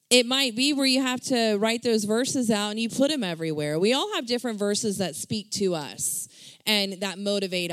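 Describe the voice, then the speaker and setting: A woman's voice: medium pitch, no room sound. A woman in a casual church discussion, speaking earnestly and encouragingly about finding strength in scripture.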